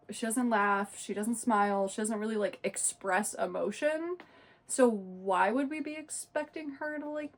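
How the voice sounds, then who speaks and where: A woman giving a casual, exasperated book review rant. She leans hard on "like" and "literally". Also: a little high. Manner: talks fast and loose, leaning hard on "like" and "literally"; exasperated and indignant.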